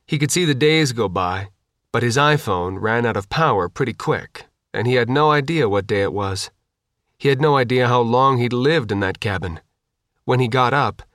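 A man narrating an audiobook in a casual, deadpan reading. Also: mid-range voice, no echo, clean studio sound. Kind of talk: scripted narration.

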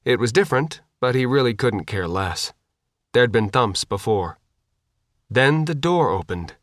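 A man narrating an audiobook in a casual, deadpan reading. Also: mid-range voice, a little slow, no echo, clean studio sound. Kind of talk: scripted narration.

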